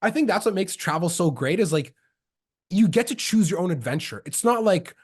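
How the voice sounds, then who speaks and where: Guesting on a podcast, a young man from Canada chats casually, spinning stories full of slang and performing the voices of those he quotes. He speaks a bit fast in a high, expressive voice with a breathy edge.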